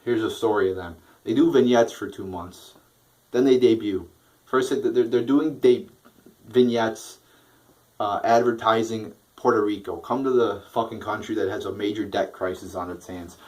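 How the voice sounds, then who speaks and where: A man's voice: on the low side, normal speed, a little mellow, rough recording. Profane, rambling young man reviewing wrestling. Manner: profane, rambling with fillers and restarts. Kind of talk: casual spoken review.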